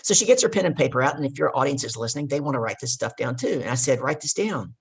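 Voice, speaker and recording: A woman's voice: rumbling low, lively intonation, very fast, gravelly, husky. A woman guest and leadership coach in an interview, telling stories with emphatic, teaching delivery. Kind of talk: casual interview talk.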